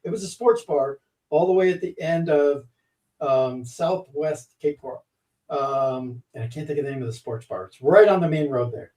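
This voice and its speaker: A man hosting a relaxed chat on a remote call, easygoing as he steers the conversation back on track. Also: fairly high pitch, moderate pace, distant mic, low-quality recording. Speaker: host. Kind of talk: casual chat. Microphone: remote call mic. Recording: voice set back from the mic.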